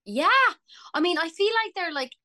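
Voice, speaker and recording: A young Irish woman, a singer, chatting casually and telling lively stories as an interview guest. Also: very high-pitched, normal speed, no room sound. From Ireland. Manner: chatty, animated storyteller. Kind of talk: casual chat.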